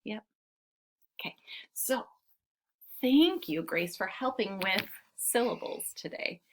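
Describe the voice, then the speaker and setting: Young woman teacher, animated storybook reading for kids, unhurried and sing-song. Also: medium pitch, background noise. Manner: expressive, lively, slows to sound out words. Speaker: children's teacher reading aloud. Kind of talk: storybook read-aloud lesson for children.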